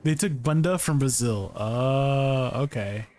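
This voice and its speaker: A man's voice: mid-range voice, takes it slowly, a little mellow, a little hiss or hum. A man streaming a game, chatting casually, reading chat aloud and laughing often.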